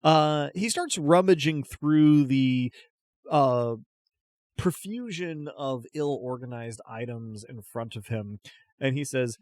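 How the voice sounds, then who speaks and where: A man's voice: medium pitch, lively intonation, takes it slowly, a little mellow, no echo, clean studio sound. A man narrating a tabletop game as game master, chatty and often restarting his descriptions.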